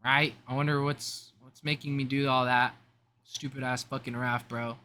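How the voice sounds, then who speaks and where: Bright-voiced young man rambling in a vlog. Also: mid-range voice, flat delivery, moderate pace. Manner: rambling, self-interrupting, slangy. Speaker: vlogger. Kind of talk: casual rambling vlog monologue.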